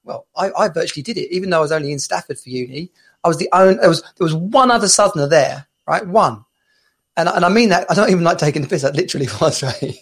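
A man's voice: fairly high pitch, animated, fast talker, fairly bright tone, husky. A young man co-hosting a podcast, chatting casually, swearing and laughing often, putting on voices to retell stories. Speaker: podcast co-host. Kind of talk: casual chat.

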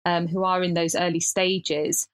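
A woman's voice: fairly low pitch, flat delivery, a little slow. Chatty woman storyteller. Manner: chatty storyteller, frequent restarts and laughter. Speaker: podcast co-host. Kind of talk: casual chat.

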